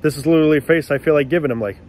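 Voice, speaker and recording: A man's voice: fairly high pitch, rapid-fire, darkish tone, slight background noise. A man ranting casually to the camera in a blunt, profane, sarcastic way.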